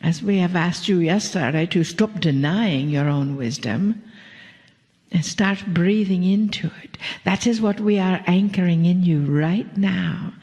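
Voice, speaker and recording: Woman channeling a spiritual message real slow, gentle and a bit playful, gravelly voice, big hall echo. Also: fairly low pitch, dull audio.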